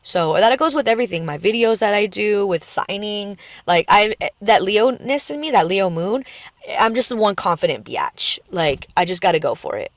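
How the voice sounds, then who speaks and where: Recording on her phone in a car at the beach, a woman vlogs candidly, speaking frankly and emotionally and swearing freely. Her medium-pitched voice is animated, at normal speed, with no echo.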